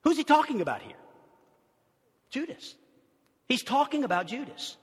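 A man preaching a sermon as pastor, animated, swinging from loud bursts to hushed asides. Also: extremely high pitch, moderate pace, husky, in a large hall.

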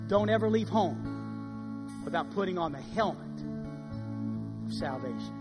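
High-voiced preacher man in a reverberant hall. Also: normal speed, gravelly, pauses often, over loud music. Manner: dynamic preaching, swinging from hushed to loud. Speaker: pastor. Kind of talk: sermon. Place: church sanctuary.

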